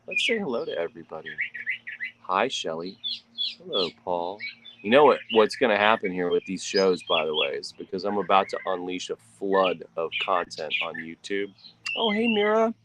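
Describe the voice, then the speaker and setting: Chatty man outdoors, birds loud. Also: low-pitched, lively intonation, moderate pace, very noisy. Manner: rambling and chatty, with restarts. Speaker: author and vlog host. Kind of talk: casual morning chat. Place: outdoors under a tree.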